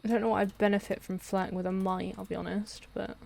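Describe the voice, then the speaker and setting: Casual young woman streamer, rambly, swears, middling pitch, noisy audio with clicks. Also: level tone, fast talker, vocal fry. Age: young adult. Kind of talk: casual gameplay chat.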